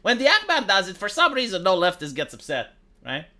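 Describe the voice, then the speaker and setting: A man's voice: high voice, huge pitch swings, fairly quick, sharp tone. A man delivering a sarcastic, crude opinion rant as a commentary vlogger. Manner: sarcastic, ranting, crude language.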